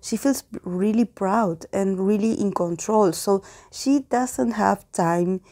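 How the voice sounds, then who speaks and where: Mellow-voiced woman giving a musing tarot reading. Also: medium pitch, slow pace. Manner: musing, hesitant, full of "like" and "I don't know why". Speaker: tarot reader. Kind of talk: casual tarot reading monologue.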